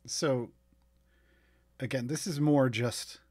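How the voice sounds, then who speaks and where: A man at mid pitch plays a tabletop role-playing game, narrating his character's moves with animated energy. The recording is dry and close. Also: slow, slightly rough, dry recording. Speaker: player. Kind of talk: casual tabletop role-play.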